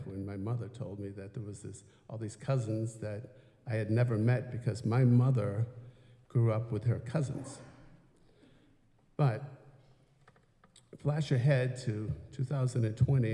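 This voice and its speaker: Older American man, mellow and rambling, telling a story from a reverberant stage. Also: on the low side. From United States. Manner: chatty, meandering, with many fillers and restarts. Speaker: folk performer telling stories between songs. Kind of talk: rambling onstage anecdote. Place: church sanctuary, live concert. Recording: roomy live sound in a hall.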